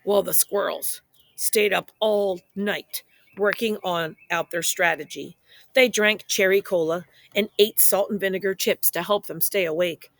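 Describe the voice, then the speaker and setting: A woman reading a children's picture book aloud in a playful, expressive way, speaking straight to young listeners. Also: mid-range voice, unhurried, gravelly, dry recording. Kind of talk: children's story read-aloud.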